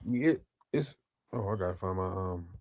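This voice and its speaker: A man's voice: deep voice, animated, normal speed, darkish tone. Male podcast host, casual and teasing, easygoing delivery. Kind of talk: casual chat.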